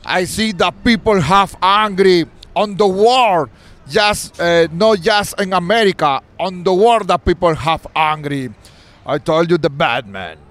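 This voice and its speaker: A man who is not a native English speaker, a costumed street performer, talking haltingly in broken English with many pauses, outdoors in a busy city square. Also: high voice, fairly bright tone. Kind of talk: casual street interview.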